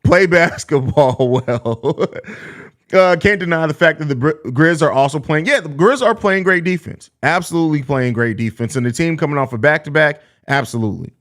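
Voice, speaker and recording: A man's voice: on the high side, fast talker, hardly any pauses. Blunt, profane male sports podcast host. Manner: blunt, profane, sarcastic, animated. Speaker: podcast host reading live chat. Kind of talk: casual live-stream sports talk.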